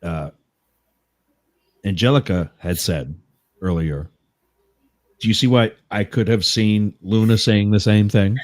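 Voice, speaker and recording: Guy with a really low voice, podcast co-host, calm and supportive. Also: takes it slowly, long pauses. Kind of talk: casual chat.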